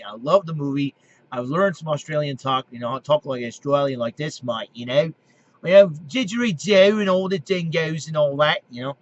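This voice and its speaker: A man in his late thirties hosting a casual monologue video from his basement, rambling with frequent restarts and throat clearing. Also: mid-range voice, a bit bright. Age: 30s. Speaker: video host. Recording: dull lo-fi home recording with faint noise.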